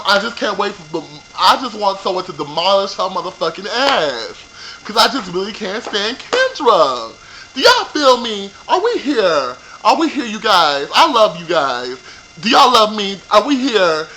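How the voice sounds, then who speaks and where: A man recapping a reality TV episode for his viewers in a profane, animated rant, talking straight to them. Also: sits high, normal speed, slight background noise, poor audio. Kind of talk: ranting show recap.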